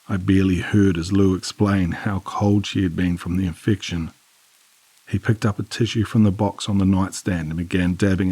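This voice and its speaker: A man giving a measured, somber scripted narration of a horror story on a close mic. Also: low-pitched, mellow, husky, no echo.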